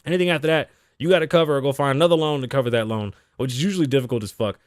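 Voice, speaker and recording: Male show host, mid-pitched, dry close mic, swears a lot and talks bluntly. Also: very fast, dry recording. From Las Vegas, Nevada (lives there). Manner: blunt, heavy swearing, reads news aloud and riffs. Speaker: podcast host. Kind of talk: casual talk-show commentary, profane.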